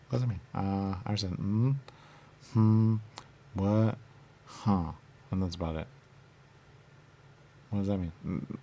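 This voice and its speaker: A low, gravelly man wanders through a rambling back-and-forth with himself. He repeats words over and over and sometimes drops into a whisper. A faint hiss sits under the recording. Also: mellow. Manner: circular, repetitive musing with sudden whispers. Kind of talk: rambling self-dialogue, asking and answering himself.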